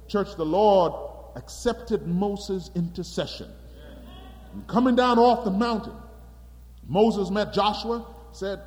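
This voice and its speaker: An emphatic man preaching a sermon, his high voice leaping up and down with animated energy. He calls out to the congregation, and each phrase rings on in a long hall reverb. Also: slow, long pauses. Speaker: pastor.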